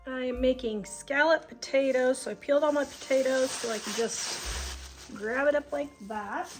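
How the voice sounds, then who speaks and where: A woman's voice: high-pitched, moderate pace, poor audio. A woman hosting a casual cooking demonstration in her home kitchen, chatty and homey, talking through each step aloud. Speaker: home cook and channel host. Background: background music.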